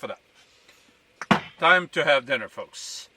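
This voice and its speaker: A man's voice: medium pitch, expressive, takes it slowly, long pauses, pushed and bright, recorded from a distance, a little hiss or hum. A man chatting casually to his viewers as folks while cooking inside his camper van, often restarting and correcting himself. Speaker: van life vlogger. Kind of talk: casual cooking vlog talk.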